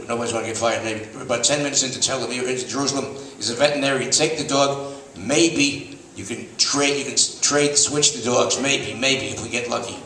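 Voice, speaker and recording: A man's voice: medium pitch, fast, hardly any pauses, pushed and bright, a little hiss or hum. An older man telling rambling show-business anecdotes on stage before a live audience, restarting often. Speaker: stand-up storyteller, veteran TV host. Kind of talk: stand-up anecdotes. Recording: echoey room, mic at a distance, faint ambience.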